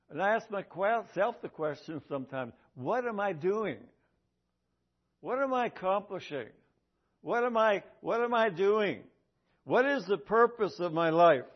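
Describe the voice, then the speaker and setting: A man with a high voice preaches an emphatic sermon, driving points home by repeating them. The recording is dull and lo-fi. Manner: emphatic, repeats key lines for effect. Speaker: pastor.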